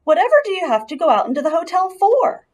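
A woman voicing a blustering, worldly uncle mouse who talks quickly and tries to bluff his way along. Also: very high-pitched, sing-song, darkish tone, voice pushed up.

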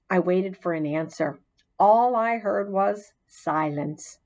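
A woman narrating a children's storybook in the voice of a chatty hamster classroom pet, with expressive storytelling. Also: lowish voice, takes it slowly. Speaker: audiobook narrator.

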